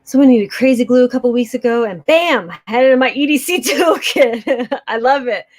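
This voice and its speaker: A woman's voice: on the high side, expressive, normal speed. A woman hosting a preparedness channel, chatting casually and upbeat as she answers viewer comments, giggling often.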